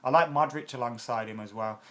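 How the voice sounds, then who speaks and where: This man's mid-range voice has a sharp tone and a fairly quick pace. In his late twenties, he runs a football fan channel and answers viewer comments bluntly and casually, with many fillers and the odd swear word.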